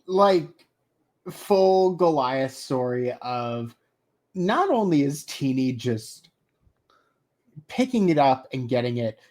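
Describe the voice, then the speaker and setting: A podcast co-host giving measured commentary in a casual recap chat. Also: mid-range voice, very animated, a little mellow.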